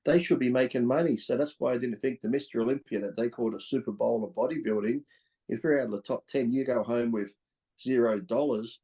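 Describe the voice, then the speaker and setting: A middle-aged man with an Australian accent tells candid stories on a podcast. He is blunt and fired-up, swears freely, and laughs between his points. His voice has a mellow, warm color at a middle pitch. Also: brisk. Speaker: podcast guest, former pro bodybuilder. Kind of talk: candid storytelling in conversation.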